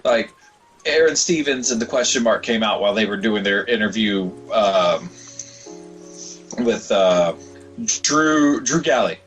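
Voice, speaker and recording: Low-voiced, loose-talking podcast host. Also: male voice, a little slow, long pauses, faint music behind, rough recording. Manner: rambling, swears freely, quotes others in animated bits. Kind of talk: casual chat.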